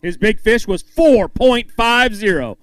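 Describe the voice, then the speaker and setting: A man's voice: sits high, lively intonation, unhurried, dry recording. A man announcing a fishing tournament weigh-in, calling up anglers, reading weights and joking with them on stage. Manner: upbeat, hypes each angler and jokes with them. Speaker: tournament emcee.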